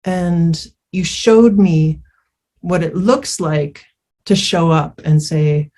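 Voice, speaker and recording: Unhurried woman giving candid recovery testimony. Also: fairly low pitch, mellow. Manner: candid, rambling, swears freely; many fillers and restarts. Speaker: speaker sharing her recovery story. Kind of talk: personal testimony.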